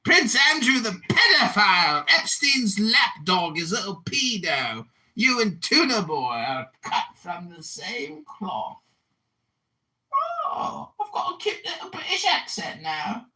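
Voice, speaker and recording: An American man in his forties rants in a heated audio chat room argument. His voice swings widely up and down and has a bright, forceful edge. He is abrasive and mocking throughout. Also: high voice, sing-song, slow pace, rough recording. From United States. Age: 40s. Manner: abrasive, mocking and insulting, ranting loudly. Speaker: political candidate and online personality.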